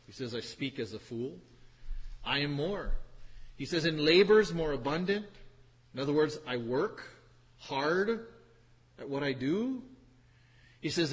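A man's voice: a little high, fairly bright tone, breathy edge. A man preaching a sermon, teaching from scripture with emphatic repetition and wry asides. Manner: emphatic, repeats phrases, wry sarcastic asides. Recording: hall reverb.

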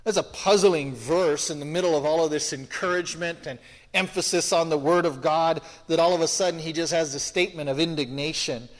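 In a reverberant hall, a Bible teacher with a brisk, high-leaning voice gives expository teaching on scripture. His manner is conversational as he explains verses and asks questions.

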